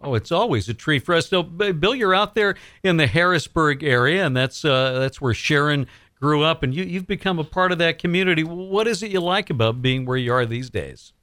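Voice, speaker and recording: A man's voice: fairly high pitch, animated, brisk, pushed and bright, dry recording, clean studio sound. A man hosting a radio interview, asking friendly, encouraging questions. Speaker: radio host.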